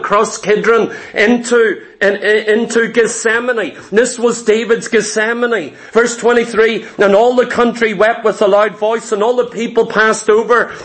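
A man preaching a sermon, retelling scripture with passion and dropping low and intense for emphasis. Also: a bit bright. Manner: impassioned, dramatic storytelling, drops low and intense for emphasis.

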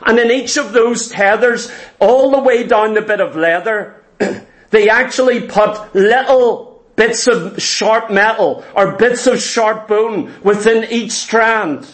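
A man's voice: high-pitched, slow. A man preaching a sermon in an earnest, emphatic way, asking his listeners questions.

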